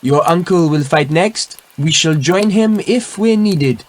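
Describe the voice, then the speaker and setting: A man's voice: expressive, unhurried. A man voicing a proud, hot-tempered medieval French king who bellows orders at his troops. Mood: calm. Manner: bellowing commands, raising pitch sharply.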